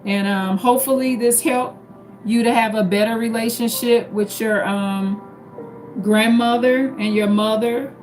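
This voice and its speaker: A woman's voice: a little high, steady tone, unhurried, a little mellow, soft background music, low-quality recording. A middle-aged woman from St. Louis with a St. Louis accent, hosting a casual live stream and chatting with viewers, repeating herself and calling people by name. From St. Louis, Missouri. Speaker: livestream host.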